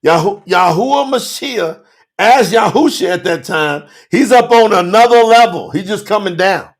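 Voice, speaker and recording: A man's voice: sits high, animated, normal speed. A man teaching scripture as a podcast host, preaching emphatically in casual slang and firing off rhetorical questions. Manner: casual slangy street talk. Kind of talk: livestreamed Bible study sermon.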